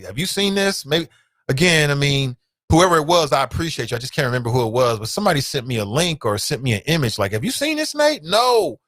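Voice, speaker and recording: This talk show host speaks with an American Midwest accent, offering casual commentary while animated and laughing, his voice swinging between loud outbursts and quiet asides. The studio sound is clean, with no echo.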